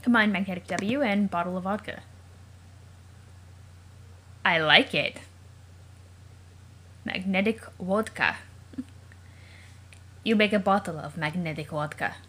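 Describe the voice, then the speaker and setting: A woman's voice: mid-range voice, slow pace, long pauses, bright, forceful tone, husky. Chatty woman reading aloud with jokes. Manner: chatty, joking asides, wondering aloud. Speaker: let's play host. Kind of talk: casual read-aloud with commentary.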